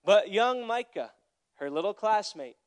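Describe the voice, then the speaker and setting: High-voiced young evangelist preaching. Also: male voice, expressive, a little slow. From Florida. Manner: storytelling, swings from quiet asides to loud exhortation. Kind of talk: sermon.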